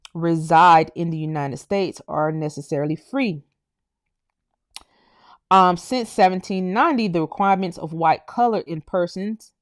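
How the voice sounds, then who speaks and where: A young woman reads dense legal text aloud in a somewhat low voice. She reads haltingly and loses her place now and then. She breaks off to talk straight to her viewers in a casual way. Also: dry recording, studio quality. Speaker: channel host. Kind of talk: reading documents aloud with casual commentary.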